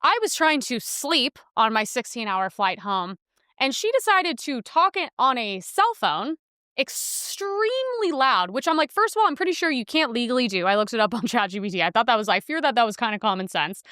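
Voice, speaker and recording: A woman's voice: a little high, very animated, brisk, bright, forceful tone, dry recording, studio quality. A young woman hosting a podcast in a casual, blunt monologue, full of filler words and crude asides. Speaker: podcast host.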